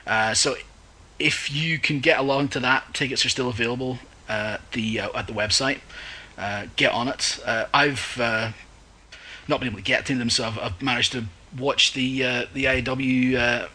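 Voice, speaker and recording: A man's voice: medium pitch, steady tone, moderate pace, bright, forceful tone, rough recording. A man hosting a podcast, asking questions in a rambling way full of fillers. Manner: rambling, many fillers and restarts, plugs events. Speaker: podcast host. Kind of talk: casual podcast interview.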